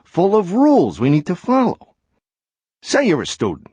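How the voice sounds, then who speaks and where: A man's voice: high voice, wildly swooping pitch, normal speed, mellow, breathy edge, no room sound, exaggerated voice. A man voicing a chatty cartoon word character who is weary of life's duties and talks in a confiding, sighing way in an educational cartoon.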